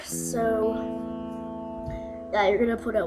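A young woman talks through a game tutorial at an unhurried pace, her voice sitting a little high. She rambles, drops in goofy asides, and leans on "uh". Guitar music plays clearly behind her. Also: animated. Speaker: gaming video maker. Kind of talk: casual game tutorial voice-over.

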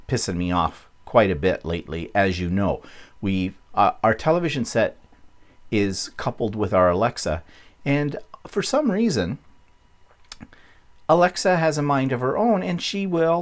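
A man hosting a casual craft vlog, chatty and rambling, correcting himself as he goes, with a slight cough and a frog in his throat. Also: mid-range voice. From Canada. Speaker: vlog host.

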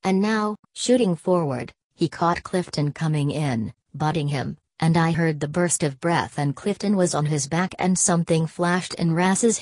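A woman narrating a novel as an audiobook in a steady, measured storytelling manner. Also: deep voice, no echo. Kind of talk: scripted narration.

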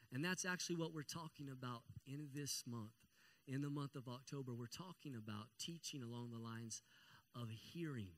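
A man preaching a sermon, repeating key phrases and calling for amens, growing more excited as he goes. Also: mid-range voice. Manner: grows louder and more excited. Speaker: pastor.

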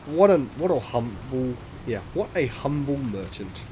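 A man's voice: medium pitch, big pitch swings, a little slow, dark tone, a little hiss or hum. Profane, chatty let's play man. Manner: profane, self-mocking, chatty asides. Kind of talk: casual gameplay commentary. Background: game music.

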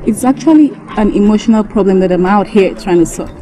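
A woman's voice: mid-range voice, animated, fast, dark tone, natural voice. A woman with a Nigerian accent playing a frank single churchgoer chatting with an old friend, in a movie. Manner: frank, exclamatory.

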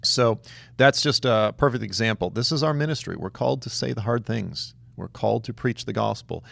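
A man teaching a conversational Bible study, telling stories in an animated, emphatic way with casual asides. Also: medium pitch, moderate pace, gravelly, dry recording.

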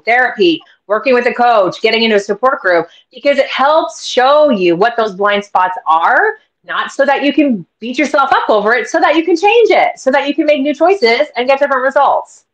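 A woman working as a coach, talking calmly and reassuringly, explaining ideas in a supportive way. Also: fairly high pitch, poor audio. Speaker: divorce recovery coach. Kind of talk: supportive casual talk.

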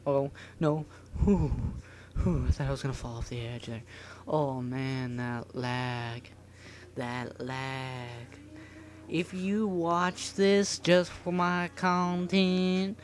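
An unhurried, rambling gamer talks through an obstacle course, teasing themself between jumps. The voice sits at an ordinary middle pitch, recorded on a phone setup with faint noise in the background. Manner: rambling, self-mocking, breaks into improvised sung lines. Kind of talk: casual gameplay commentary.

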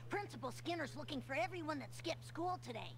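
Bratty cartoon schoolboys, taunting, shrill, high voice, humming game audio. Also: female voice, animated, fairly quick, slight background noise.

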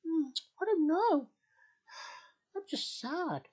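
A man's voice: very high voice, expressive, moderate pace, a little mellow, voice pushed up. A man voicing a sad, crying female gem girl, speaking in a tearful, whiny way.

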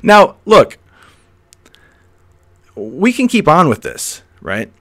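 A man's voice: on the high side, wildly swooping pitch, extremely slow, fairly bright tone. A man hosting a philosophy podcast, talking the listener through an imagined scene, chuckling often and repeating words as he thinks aloud. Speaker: podcast host.

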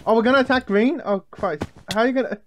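A man's voice: very high voice, quick pace, a crowd in the background. A man chatting casually while playing a game, rambling and joking as he calls out what is happening. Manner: rambling, joking, running commentary. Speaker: gamer. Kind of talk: casual gaming chat.

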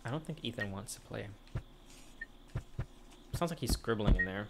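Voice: mid-range voice, expressive, moderate pace, background noise. A let's-play host chatting, joking and reading on-screen text aloud while playing. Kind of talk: gameplay commentary. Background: loud game music.

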